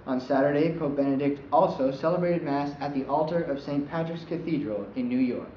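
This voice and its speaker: A man anchoring an amateur mock newscast, reading his script in a steady manner. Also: fairly high pitch, brisk, few pauses, slight background noise. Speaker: news anchor. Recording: echoey dull amateur recording.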